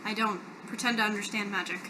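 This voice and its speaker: A woman playing a tabletop game in character, asking measured, probing questions. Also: medium pitch, steady tone, pushed and bright, a little hiss or hum, rough recording. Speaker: player.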